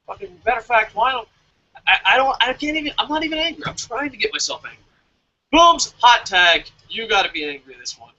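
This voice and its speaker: A man's voice: very high-pitched, very animated, fast talker, bright, forceful tone, dull audio. A man ranting with heavy profanity and exasperation on a casual wrestling podcast. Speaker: podcast co-host.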